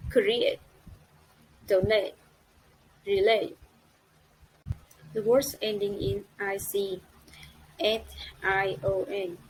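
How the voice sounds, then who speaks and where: Woman student reading out her class presentation real slow, spells letters out, bit of faint hiss behind. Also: mid-range voice, low-quality recording.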